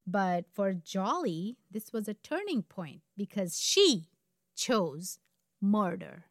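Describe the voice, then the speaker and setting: A woman's voice: medium pitch, fairly bright tone, dry recording, studio quality. Woman telling a true crime case. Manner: conversational, wry asides. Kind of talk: casual true crime storytelling.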